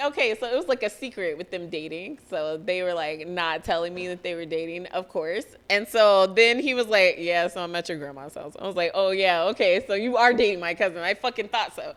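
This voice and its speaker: A young woman hosts a solo podcast, candidly telling a personal story, swearing freely, laughing and at times nearly crying. Her fairly bright voice is on the low side, and she talks briskly with few pauses.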